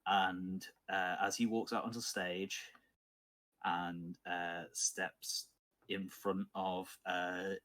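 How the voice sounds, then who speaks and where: Deep slow guy narrating a d&d game, lots of uhs and pauses. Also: flat delivery, a bit bright. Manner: unhurried, thoughtful, with many filler pauses. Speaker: game master.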